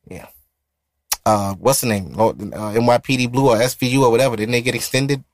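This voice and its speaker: A man's voice: mid-range voice, a little fast. A man co-hosting a podcast, chatting casually and ranting bluntly with plenty of profanity. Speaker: podcast co-host. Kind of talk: casual chat.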